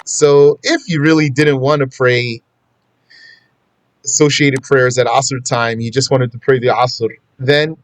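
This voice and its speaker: Working through a law text on prayer in class, this Islamic studies teacher recites Arabic quotations, then translates them and explains each step in plain conversational style with asides to his students. His mid-range voice is unhurried, with fairly even intonation.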